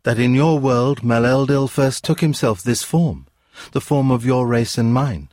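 A man voicing a serene, wise young woman from another world in a read-aloud story, speaking calmly and earnestly. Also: mid-range voice, a little slow, dry recording, studio quality, pitched above the performer's own voice, natural voice.

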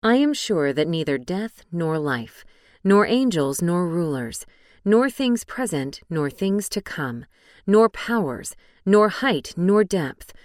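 A woman narrating an audiobook in a calm, measured reading voice. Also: on the low side, no echo, studio quality. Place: studio booth.

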